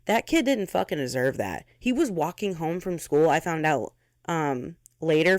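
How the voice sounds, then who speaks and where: A woman's voice: low voice, a little mellow, no echo, clean studio sound. Blunt, swearing young woman podcaster. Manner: blunt and heavily profane; fiery, emphatic. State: close to tears. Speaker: podcast host. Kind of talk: candid monologue.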